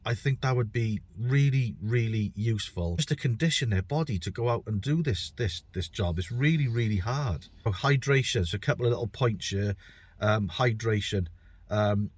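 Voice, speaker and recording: In a fairly low, slightly rough voice, a middle-aged man with a British accent, a bricklayer by trade, delivers a casual monologue on his own podcast. His style rambles and turns self-deprecating, and he tends to repeat words while working out his thoughts.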